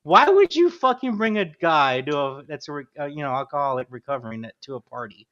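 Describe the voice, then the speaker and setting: A man hosting a podcast, telling stories in casual chat, animated and swearing freely. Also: a little high, fairly quick. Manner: animated storyteller, swears freely, says dude a lot. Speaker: podcast host. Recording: dull lo-fi sound.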